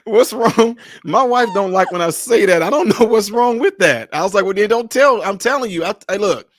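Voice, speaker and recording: A man hosting a livestream, telling stories in a lively, casual way and laughing often. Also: high voice, normal speed, no echo, studio quality. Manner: animated storyteller, laughs often. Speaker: livestream host.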